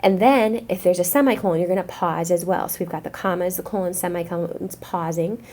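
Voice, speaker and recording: A woman teacher speaking to young students, explaining a reading lesson in a clear, encouraging classroom way. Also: fairly low pitch, fairly quick, dark tone.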